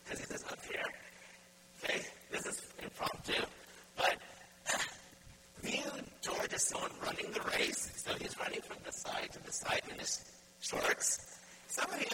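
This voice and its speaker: A man preaching a sermon as pastor, putting direct, repeated questions to his congregation. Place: church. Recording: loud background noise.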